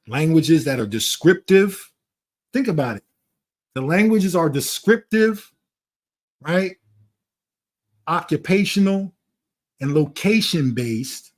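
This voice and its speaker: A man's voice: on the high side, big pitch swings, slow pace, long pauses. A man talking in a blunt, profane, lecturing way during a casual conversation. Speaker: channel host.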